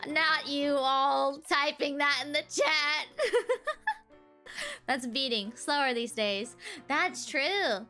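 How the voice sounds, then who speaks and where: A woman's voice: sits high, drawn-out words, long pauses, pushed and bright, faint music behind. A young woman, streaming and chatting casually, giggling often between phrases. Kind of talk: casual livestream chat.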